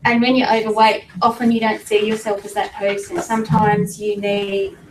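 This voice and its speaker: A middle-aged woman giving an emotional personal testimony to an audience, halting and fighting back tears. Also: medium pitch, flat delivery, noisy background. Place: meeting room with an audience. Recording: echoey room from a distance with faint ambience.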